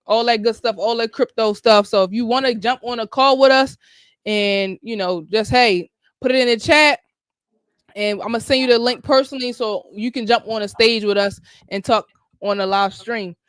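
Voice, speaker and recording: A woman's voice: fairly high pitch, normal speed, dry recording. A woman hosts a laid-back livestream chat. Her delivery is loose and full of slang, and she sounds like she is talking with friends. Her voice comes through dry and close, over a call mic. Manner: slangy, relaxed, talks with friends. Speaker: livestream host.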